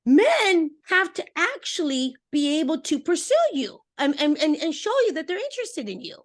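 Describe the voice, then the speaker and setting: A woman dating coach talking as a podcast interview guest, energetic and emphatic, speaking straight to her listeners and acting out little voices. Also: normal speed. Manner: acts out voices with expressive pitch swings.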